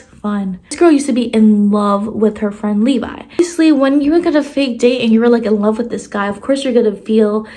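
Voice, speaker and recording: Young woman, casual book vlog, chatty, slightly high pitch, animated, filler-heavy. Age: young adult. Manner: chatty, expressive, lots of "like" fillers, animated emphasis. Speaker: book vlogger.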